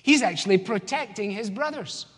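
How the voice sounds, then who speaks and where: A man's voice: high-pitched, animated, normal speed, fairly bright tone, husky. A man with a Scottish accent preaching a sermon as pastor, in an emphatic, conversational way. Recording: long church hall reverb.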